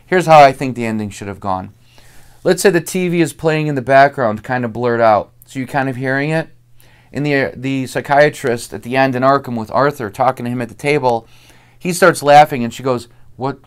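A man's voice: medium pitch, moderate pace, smooth. A man casually chatting about a film, rambling and acting out lines as he goes. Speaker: host. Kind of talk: casual chat.

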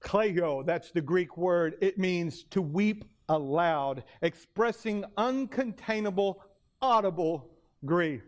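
Sex: man. Role: pastor. Style: sermon. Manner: dramatic, slows down for weight. Pitch: high for a man. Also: expressive. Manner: dramatic storytelling, slowing for emphasis.

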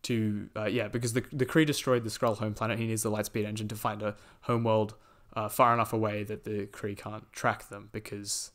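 A man with a low voice that stays flat and level talks through a film's plot on a casual podcast. He keeps stopping on fillers and pausing to act out quoted lines as he goes. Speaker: podcast host. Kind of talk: casual movie discussion.

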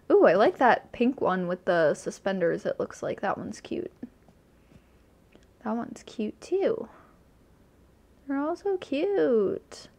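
Slow-talking woman gushing over a game island. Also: fairly high pitch, a little mellow. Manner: gushing, easily delighted, chatty. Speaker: streamer touring a game island. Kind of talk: casual gameplay commentary.

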